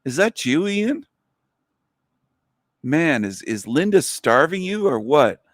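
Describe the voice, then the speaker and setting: A man's voice: on the high side, big pitch swings, slow, no room sound, clean studio sound. A man hosting a livestream, talking in a mocking, rambling, crude way. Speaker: livestream host. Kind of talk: casual livestream monologue.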